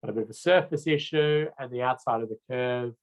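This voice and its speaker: Brief: Australian man, road safety trainer, relaxed lecturing, mid pitch, conversational with fillers. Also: fairly quick, rough recording. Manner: casual, chatty, with frequent fillers and restarts.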